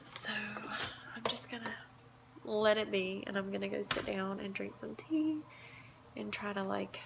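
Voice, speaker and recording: In a home kitchen, a vlogger mother in her thirties speaks softly to her phone camera, hushed so she won't wake her sleeping child. She is tearful, close to crying, in a casual vlog. Her medium-pitched voice moves a little slowly with vocal fry, and there is background noise.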